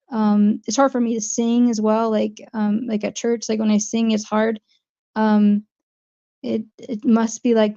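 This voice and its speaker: A chatty woman with a New Jersey accent rambles through her livestream and answers viewer comments. Her voice is gravelly, flat and mellow, and the stream audio sounds dull and lo-fi. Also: on the high side. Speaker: livestream host. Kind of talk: casual livestream chat.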